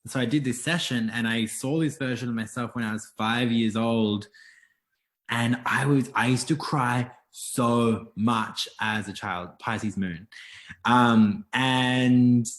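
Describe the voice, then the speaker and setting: A young man as a podcast guest, talking in a soft, reflective way with frequent restarts in a casual interview. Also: mid-range voice, takes it slowly.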